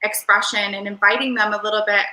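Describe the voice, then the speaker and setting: In a casual interview held over video call, a woman guest rambles with lots of fillers in an airy, Valley-girl-ish way. Her medium-pitched voice stays steady and sharp while moving at a quick pace. Roomy echo is audible in the recording.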